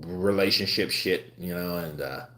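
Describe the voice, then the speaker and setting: A man's voice: sits low, normal speed, a bit bright. A man in his twenties hosting a live stream, chatting casually and telling rambling stories with frequent laughter. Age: 20s. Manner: laid-back, laughs often, rambling anecdotes. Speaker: livestream host. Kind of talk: casual live commentary and storytelling.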